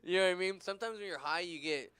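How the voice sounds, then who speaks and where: A man's voice: high-pitched, fast, sharp tone, clear, resonant tone, no echo. A tired, tipsy man from California doing a rambling, crude, self-deprecating stand-up set. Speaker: stand-up comedian.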